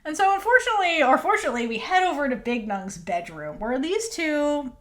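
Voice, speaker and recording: A woman co-hosting a casual recap chat, animated and acting out character lines. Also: sits high, brisk. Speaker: podcast co-host.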